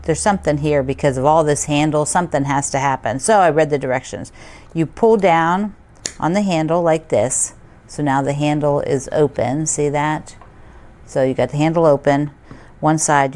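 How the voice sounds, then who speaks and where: Low-voiced woman gushing over an unboxing. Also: a little mellow. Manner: gushing, gasping with delight, thinking aloud. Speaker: quilting show host. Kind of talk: casual unboxing chat to viewers.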